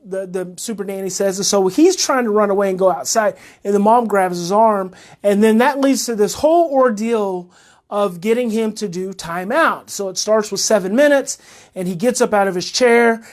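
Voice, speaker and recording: At a moderate speed and medium pitch, a woman who educates parents speaks in an informal monologue. Animated and increasingly worked up, she tends to repeat her phrases.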